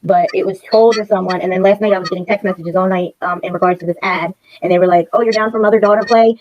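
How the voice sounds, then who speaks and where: A woman's voice: on the low side, little pitch movement, fast, highs cut off. A woman in her forties hosting a livestream, ranting in a casual, rambling, profane way. She is upset and emotional, and she repeats herself. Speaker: livestream host.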